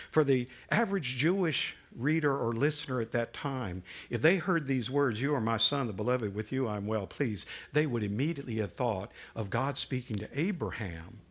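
Conversational preacher, slightly high voice. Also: male voice, dull audio. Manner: conversational preaching, rhetorical questions, dramatic hushed drops. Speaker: pastor. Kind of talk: sermon.

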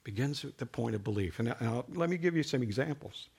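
Guy preaching, lively ups and downs, chatty then punchy. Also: mid-range voice, fast talker, creaky, breathy edge. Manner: animated and conversational, rising to emphatic peaks. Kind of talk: sermon.

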